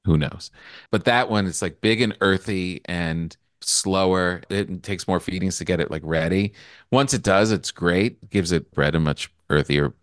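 A man chatting casually as a guest in a relaxed, easygoing way. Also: low voice, moderate pace, no room sound, clean studio sound. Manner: relaxed, easygoing, with frequent laughs. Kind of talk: casual chat.

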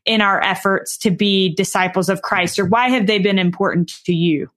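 A woman hosting an interview, who praises her guest warmly before asking an earnest question. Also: medium pitch, fairly even intonation, moderate pace. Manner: earnest and complimentary. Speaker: podcast host.

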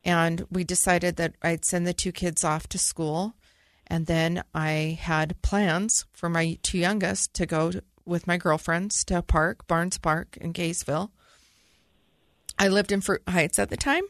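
A woman's voice: fairly low pitch, steady tone, measured pace, no room sound, clean studio sound. A middle-aged woman, a podcast co-host, earnestly telling a personal story in vivid detail.

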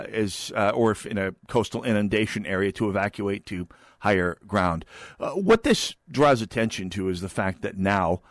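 A man's voice: fairly low pitch, dry recording, clean studio sound. A man hosting a talk radio show, delivering a monologue with wry, sarcastic asides.

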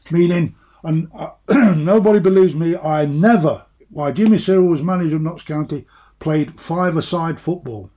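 An older man, a former footballer reminiscing in casual chat, telling stories in an animated way with repeated words. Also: on the high side, normal speed.

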